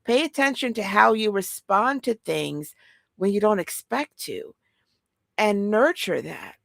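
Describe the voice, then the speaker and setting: A woman chatting casually as a podcast co-host, giggly and animated as she tells a story. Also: medium pitch, unhurried, creaky, no echo. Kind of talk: casual chat.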